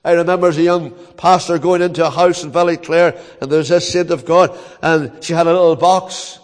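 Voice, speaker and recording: An older man with a Northern Irish accent preaching a sermon as a pastor, telling stories earnestly with dramatic pauses. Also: fairly high pitch, steady tone, long reverb tail.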